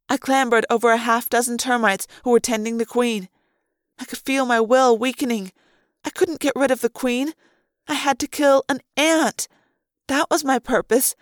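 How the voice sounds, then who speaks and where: A woman's voice: fairly high pitch, no room sound, studio quality. A woman reading a novel aloud in the first person, with tense, dramatic delivery.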